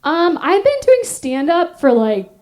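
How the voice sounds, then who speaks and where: Woman, stand-up comedian, high voice, self-deprecating, laughing, live stage. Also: sing-song, unhurried, darkish tone. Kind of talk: stand-up storytelling.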